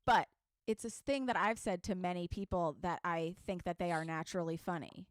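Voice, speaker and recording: A woman's voice: fairly low pitch, a little fast, no room sound, studio quality. Chatty thirty-year-old woman comedian. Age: 30s. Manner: animated storytelling with quoted voices. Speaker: comedian podcast host. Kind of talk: casual chat.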